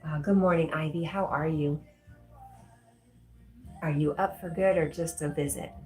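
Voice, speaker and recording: Low-voiced woman reading chat on a livestream. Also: steady tone, measured pace, soft background music. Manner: warm, reads chat comments aloud, gets emotional.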